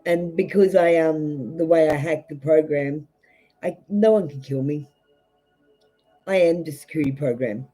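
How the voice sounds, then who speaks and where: A woman's voice: low-pitched, a little slow, warm tone, husky, faint music behind, low-quality recording. An Australian woman giving a live tarot reading to viewers, blunt and rambling, with many fillers and restarts. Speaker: tarot reader.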